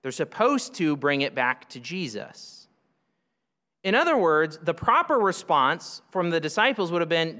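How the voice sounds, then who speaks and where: A man's voice: fairly high pitch, big pitch swings, a little slow, bright, forceful tone, long reverb tail. A man preaching a verse-by-verse sermon in a conversational way, asking rhetorical questions and then answering them. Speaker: pastor. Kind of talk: expository sermon.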